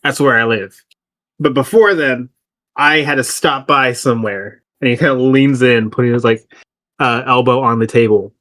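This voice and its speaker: A man's voice: medium pitch, moderate pace, a bit bright. A man playing a tabletop game, rambling casually and laughing through his lines. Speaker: player.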